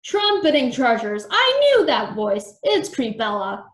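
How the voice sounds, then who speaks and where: Woman doing jolly old professor mouse, booming exclamations, bright higher voice, roomy echo. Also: expressive, normal speed. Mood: jovial. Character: old male pirate-history professor rodent, jolly.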